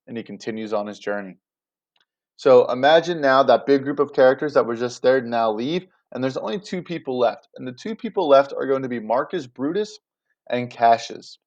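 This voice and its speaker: A male teacher explains Shakespeare in a relaxed, chatty way, often checking in with his students. His voice sits at a middle pitch, and the recording sounds a little muffled and lo-fi. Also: normal speed. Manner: chatty, checks in with "right?" and "you guys". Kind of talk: casual classroom explanation.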